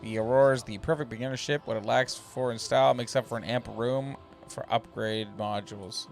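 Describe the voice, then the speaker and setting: A man streaming a space game, chatting casually and reading ship blurbs aloud, sometimes stumbling over the words. His voice sits at an ordinary middle pitch. Faint music plays underneath. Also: creaky. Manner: relaxed, chatty, reads descriptions haltingly.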